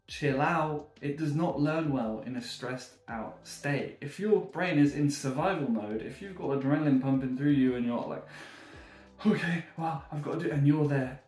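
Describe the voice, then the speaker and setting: Easygoing British man in an echoey room. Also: mid-range voice. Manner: relaxed, encouraging, chuckles often. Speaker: language coach. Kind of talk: motivational talk to camera. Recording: echoey room with faint music.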